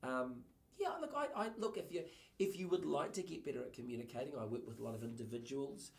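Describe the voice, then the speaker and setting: A man in his fifties with a New Zealand accent, a guest on a podcast, telling lively stories and acting out the voices of people he quotes. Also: medium pitch, fast, creaky, roomy sound. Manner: lively storyteller who acts out quotes in voices. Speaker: guest, TV presenter and communication coach. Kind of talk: casual podcast conversation.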